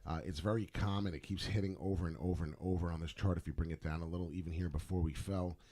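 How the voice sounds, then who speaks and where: A man's voice: sits low, steady tone, fast talker, mellow. A man giving casual, rambling commentary on crypto price charts, full of fillers and words repeated for emphasis. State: hiccuping.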